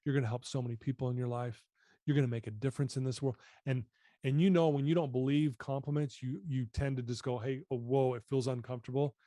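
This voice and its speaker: Earnest man telling his story, mellow voice. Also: medium pitch, fairly even intonation, quick pace, no echo, clean studio sound. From United States. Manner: earnest, reflective, often drops voice. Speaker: podcast guest. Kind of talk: personal storytelling.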